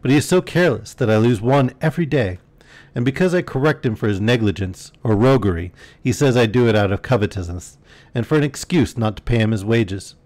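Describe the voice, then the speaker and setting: A man voicing a frightened rural farmer who makes humble, hurried excuses, pitched higher than his usual voice. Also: darkish tone, lightly acted. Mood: pleading. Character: frightened, pleading rough male country farmer.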